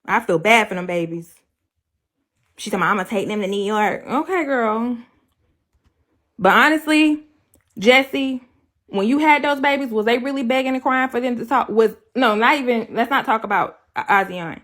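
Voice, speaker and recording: At normal speed but pausing often, a woman with a slightly high, somewhat bright voice livestreams her side of a breakup. Her delivery is casual, blunt and full of profanity, with points repeated for force.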